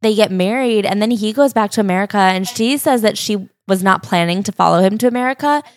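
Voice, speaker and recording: A woman's voice: mid-range voice, a little fast, no echo. Female co-host, plain matter-of-fact delivery, dry close recording. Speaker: podcast co-host. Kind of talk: casual book discussion.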